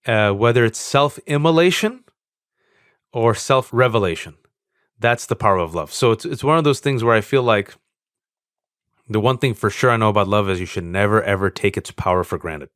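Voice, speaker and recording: A man in his forties, a podcast guest, talking candidly as an animated storyteller, earnest and self-mocking. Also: fairly low pitch, moderate pace, no room sound, studio quality. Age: 40s. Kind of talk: candid conversational interview.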